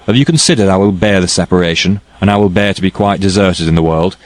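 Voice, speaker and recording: A practical, stern woman servant scolds in plain, blunt words, voiced by a man reading an audiobook. His voice stays deep and low, close to his own. The sound is dry and close-miked. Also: fast, dry recording, natural voice. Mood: reproachful. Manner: reproving, blunt.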